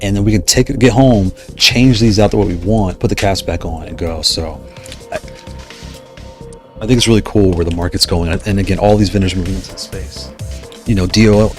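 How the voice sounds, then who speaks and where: A man with a somewhat low voice hosts a casual livestream, talking in a loose, rambling way. He gets enthusiastic and keeps wandering off into side stories before pulling himself back. Faint music plays quietly behind him. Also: fairly even intonation, brisk. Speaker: livestream host.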